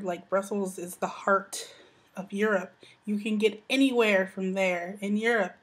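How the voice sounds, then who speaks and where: An American woman, a young adult, chatting casually in a vlog and saying "like" and "you know" a lot. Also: mid-range voice. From United States. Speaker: vlogger.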